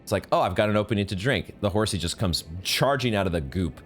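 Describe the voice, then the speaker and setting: A man with a very low voice talks through a hard boss fight, cursing freely and breaking into high, frustrated shouts. Faint game music plays under his commentary at a home desk mic. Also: lively intonation, fast talker. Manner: swears often, bursts into high angry yelling. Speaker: gaming streamer. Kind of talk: live gameplay commentary.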